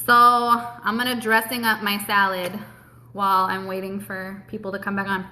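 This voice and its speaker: A woman's voice: mid-range voice, flat delivery, normal speed, pushed and bright. A woman hosting a live stream from home, chatting casually and cursing freely while she eats and answers viewer questions. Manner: blunt, cheerful and heavily profane; talks with her mouth full while eating. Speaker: host of a live keto Q&A stream.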